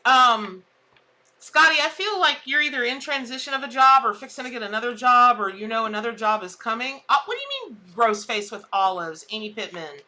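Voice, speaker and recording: Chatty woman with a very bright voice. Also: on the high side, expressive, a little fast. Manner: chatty, exclamatory, laughs at her own jokes. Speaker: tarot reader. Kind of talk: casual live-stream chat.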